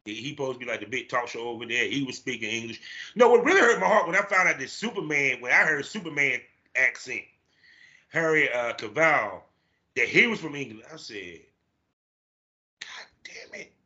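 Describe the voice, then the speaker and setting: A man hosting a podcast in casual chat, animated and profane, acting out his own reactions. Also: mid-range voice, brisk, muffled recording. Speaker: podcast host.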